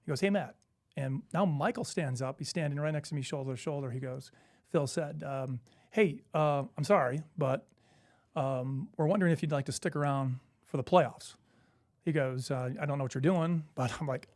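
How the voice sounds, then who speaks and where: A man with a slightly high voice speaks fairly quickly in a dry recording with clean studio sound. This middle-aged former basketball player is an interview guest who tells stories casually and animatedly, acting out the voices of the people he quotes.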